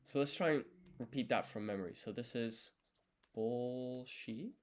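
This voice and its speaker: A language learner streams his study session live, thinking aloud as he writes. The young man counts strokes and patiently explains each step, his mid-range voice moving a little slowly.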